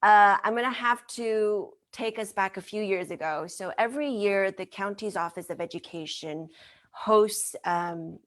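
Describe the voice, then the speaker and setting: A woman who works as a mind-body wellness trainer, telling a story as a guest in an interview in a gentle, earnest way. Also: medium pitch, unhurried.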